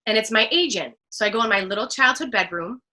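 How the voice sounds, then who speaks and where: A woman from New Jersey, a guest telling an animated personal story, laughing often and acting out what people said. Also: a little high, fast. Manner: expressive, laughs often, acts out quotes. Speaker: guest, speaker.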